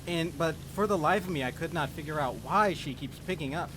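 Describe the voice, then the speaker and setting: A man spins a story in a casual, rambling way, cursing freely and poking fun at himself. His voice sits a little high for a man. A steady noisy hiss runs under the recording. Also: fairly quick, hardly any pauses. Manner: rambling, profane and self-mocking. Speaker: gaming video creator. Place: at home, voice-over on gameplay.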